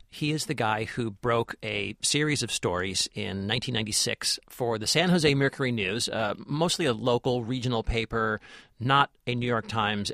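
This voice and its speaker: A man's voice: medium pitch, a bit bright, no room sound. Man, podcast co-host, easygoing chat, dry close mic. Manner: conversational, a little halting. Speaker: podcast co-host, film critic. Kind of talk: casual movie review chat.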